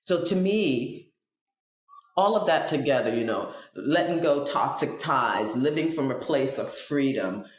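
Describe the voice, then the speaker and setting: A woman hosting a podcast interview, chatting casually and wandering into animated digressions. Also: very deep voice, unhurried, roomy sound. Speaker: podcast host.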